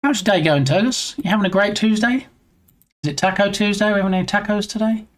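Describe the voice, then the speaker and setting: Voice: mid-range voice, fast. Chatty streamer thinking aloud while troubleshooting. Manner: muses to self, reads screen text aloud, chats with viewers. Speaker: game dev streamer. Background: headphones on.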